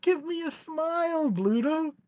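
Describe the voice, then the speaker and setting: A man's voice: very high-pitched, expressive, a little slow, a little mellow, no room sound, muffled recording, voice pushed up. A man voicing a grinning, menacing male clown villain hosting a game show, taunting in a mock-soothing way.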